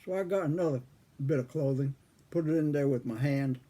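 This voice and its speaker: An older man telling a folksy childhood story, husky with a frog in his throat, chuckling often. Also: fairly high pitch, brisk, mellow. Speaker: pipe-smoking storyteller. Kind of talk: casual storytelling.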